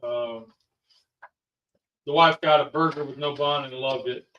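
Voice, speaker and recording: A man's voice: a little high, fairly even intonation, unhurried, sharp tone, lo-fi sound. A father hosting a family vlog, chatting casually and rambling with plenty of ums and sos. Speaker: father and channel host. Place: home kitchen. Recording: roomy, from a distance.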